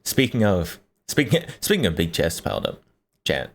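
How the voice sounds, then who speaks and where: A man's voice: low-pitched, huge pitch swings, moderate pace. A man streaming live, reacting to a video and chatting jokingly with his viewers. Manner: joking, laughs often, talks to chat. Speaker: livestreamer. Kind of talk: casual reaction stream chat.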